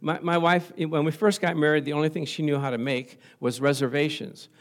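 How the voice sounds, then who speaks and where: In church, a pastor in his sixties gives a humorous sermon full of funny stories about his marriage, often laughing and calling "Amen?" out to the congregation. His voice is fairly high and fairly quick with mostly even intonation, and there's slight background noise.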